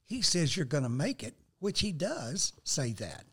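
Gravelly, animated older man. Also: fairly high pitch, measured pace. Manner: earnest, animated, quotes scripture. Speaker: guest. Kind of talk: faith talk-show conversation.

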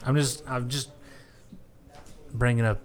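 A man's voice: medium pitch, steady tone. A man in casual podcast chat who laughs easily and jokes around. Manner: laughs easily, jokey and quick to agree.

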